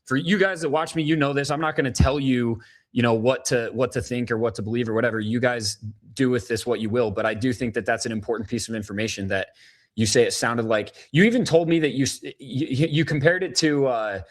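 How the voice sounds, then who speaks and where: A man's voice: medium pitch, a little fast. A man hosting an interview show, speaking earnestly and emphatically with stumbling restarts. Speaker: podcast host. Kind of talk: casual interview.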